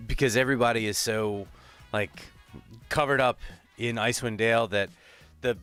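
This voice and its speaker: Stream host, male, smooth clear voice, upbeat and rambling, faint music behind. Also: mid-range voice, steady tone, moderate pace, a bit bright. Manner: upbeat, laughs often, rambling. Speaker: livestream host. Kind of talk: casual chat on a livestream.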